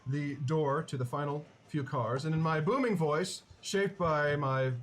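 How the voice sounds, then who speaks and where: A man's voice: fairly high pitch, a little slow, a little hiss or hum. A man playing a tabletop game, talking in a theatrical, pompous way. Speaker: player. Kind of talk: tabletop role-play.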